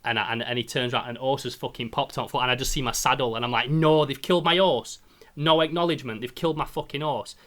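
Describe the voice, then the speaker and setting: A man chats casually on a podcast, recapping a game. His voice is bright and forceful, with mid-range pitch. He swears freely and acts out the characters' lines as he talks. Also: steady tone, quick pace, few pauses. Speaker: podcast host.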